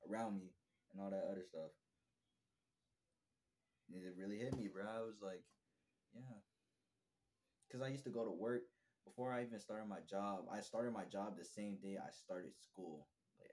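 A man's voice: deep voice, moderate pace, long pauses, a little mellow. Rambling young man, slangy vlog. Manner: rambling, slangy, repeats bro and bruh; self-reflective, candid. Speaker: vlogger. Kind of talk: casual storytelling vlog.

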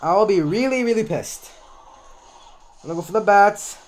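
A man's voice: sits high, lively intonation, moderate pace. A man giving casual live commentary on his own gameplay, chatty and often correcting himself as he talks through each move.

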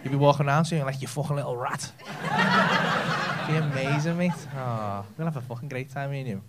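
A man's voice: medium pitch, fast talker, very noisy. A man with a Scouse accent doing stand-up crowd work on a comedy club stage, bantering cheekily with the audience and swearing freely. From Liverpool, England.

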